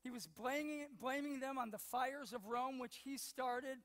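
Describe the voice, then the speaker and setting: Older male pastor, high-pitched, anecdotal sermon delivery with repeated words, long church reverb. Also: unhurried, fairly bright tone. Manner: storytelling, acts out quotes, repeats words. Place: church sanctuary.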